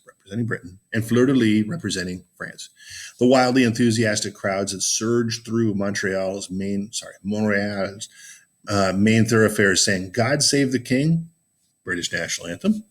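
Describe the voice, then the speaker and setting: A man giving an informal history lecture, chatty and loose, with many fillers and sarcastic asides. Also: on the low side. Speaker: teacher. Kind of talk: casual classroom lecture.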